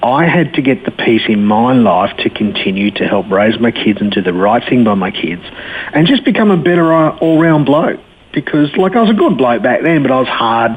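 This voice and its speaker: Man, Australian accent, forties, laid-back storyteller, mid-pitched voice, phone-line sound. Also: slightly rough. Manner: blunt, laid-back storyteller, laughs easily. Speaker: guest sharing his faith story. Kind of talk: telling his life story in an interview. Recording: tinny phone-line sound, faint hiss.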